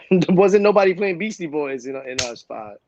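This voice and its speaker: A laid-back man who talks casually in street slang. His pitch is ordinary and he speaks at an easy, conversational pace. The recording sounds dull and muffled. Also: lively intonation, moderate pace, a little mellow, a little hiss or hum. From Brooklyn, New York. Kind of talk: casual chat.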